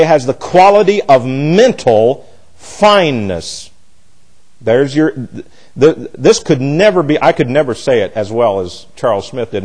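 A man's voice: mid-range voice, darkish tone, rough recording. A man teaching a Bible class, blunt and emphatic, often restarting his sentences.

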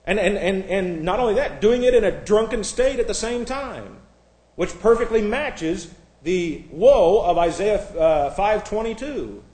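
A man with a high voice preaches through a Bible passage, reading scripture with force and breaking off into sarcastic asides. His words ring in an echoey room. He restarts phrases often as he teaches. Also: expressive, measured pace, a little mellow.

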